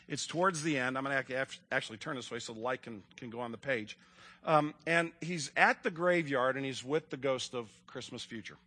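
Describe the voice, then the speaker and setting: Preacher man, evening sermon, earnest, rather high voice, bright and forceful. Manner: earnest, emphatic, asks the listeners questions. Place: room with an audience, evening service.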